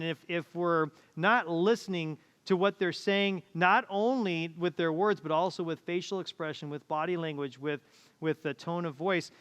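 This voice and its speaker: A man's voice: a little high, a bit bright, clear, resonant tone, in a large hall. A man preaching a sermon as pastor, telling stories and acting out the people in them. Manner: storytelling, acts out quoted voices. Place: church auditorium.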